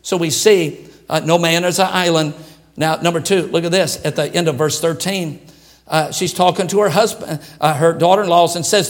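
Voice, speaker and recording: Male pastor, high-pitched, animated sermon delivery with shouts and hushed asides. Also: moderate pace.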